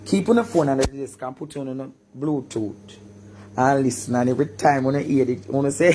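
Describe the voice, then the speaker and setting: A man with a Jamaican accent ranting in a live-stream monologue, breaking into shouts and sing-song cries. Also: medium pitch, a little fast, background noise.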